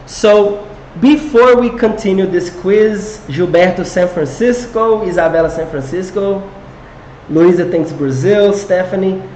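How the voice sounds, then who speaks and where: A man's voice: high voice, a little slow, darkish tone, reverberant, slight background noise, poor audio. A man teaching an English grammar lesson to viewers, encouraging them and quizzing them with questions. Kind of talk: live online English lesson.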